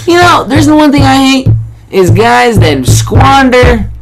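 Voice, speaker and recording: A man's voice: very high-pitched, a little slow, over music. A man hosting a casual sports podcast, ranting and swearing often. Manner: animated, profane, rants. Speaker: podcast host.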